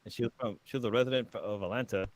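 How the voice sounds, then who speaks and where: A man's voice: lowish voice, very fast, no echo. Wry chuckling man, dry sound. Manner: wry, chuckling, reads facts aloud. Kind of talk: casual livestream chat.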